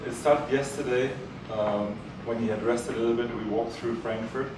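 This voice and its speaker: A man hosting a live event, speaking to the audience in a halting way with many fillers. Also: mid-range voice, steady tone. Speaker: event host. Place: event hall. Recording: very echoey hall, mic far off, noisy.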